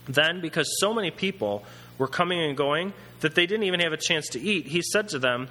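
A male preacher with a bright, forceful voice that leaps up and down in pitch as he retells the story. He talks in an easy conversational way and drops into acted-out voices. A long reverb hangs on his words, as in a big hall. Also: a little fast. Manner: conversational, animated, acts out characters. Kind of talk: sermon.

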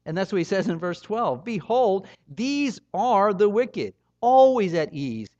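A man's voice: sits high, big pitch swings, unhurried, dark tone, no echo. Earnest middle-aged man preaching. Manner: earnest, emphatic preaching with rising and falling delivery. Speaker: pastor. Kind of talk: sermon. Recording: dull, slightly muffled dry recording.

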